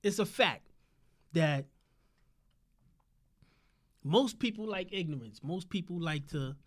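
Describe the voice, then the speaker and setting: A man's voice: high-pitched, lively intonation, slow pace. A man hosting a casual podcast, preaching with rhetorical questions and a constant "you know what I'm saying". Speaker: podcast host.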